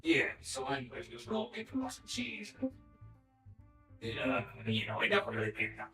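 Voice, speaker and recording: A man chatting casually on a livestream from his home studio, slipping into goofy bits and sudden loud outbursts. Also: medium pitch, big pitch swings, moderate pace. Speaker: livestreaming painter. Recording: roomy echo, mic at a distance, music behind.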